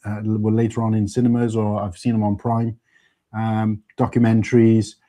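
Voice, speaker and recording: A man's voice: lowish voice, level tone, moderate pace, warm tone. A man hosting a casual panel chat, a rambling, chatty storyteller. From United Kingdom. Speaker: stream host.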